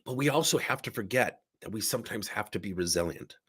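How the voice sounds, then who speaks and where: A man's voice: fairly low pitch, lively intonation, quick pace, fairly bright tone, husky. A man coaching in a recorded workshop talk, sick with a strained voice, speaking in an emphatic, candid way while seated indoors. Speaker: business coach.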